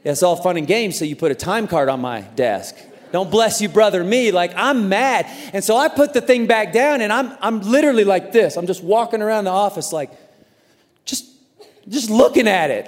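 A man preaching a sermon as a pastor, telling a story in an animated way and acting out the voices in it. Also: high voice, moderate pace, big-room sound. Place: large church auditorium.

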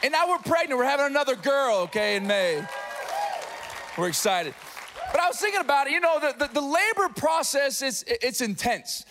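A man in his thirties, a pastor preaching a sermon in church, telling a story with big swings from hushed to loud. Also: very high voice, sing-song, moderate pace, a crowd in the background, background noise. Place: church sanctuary.

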